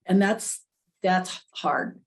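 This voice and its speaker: A woman sharing something personal in a group session, halting and tearful, restarting often and laughing nervously. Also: on the low side. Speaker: workshop participant.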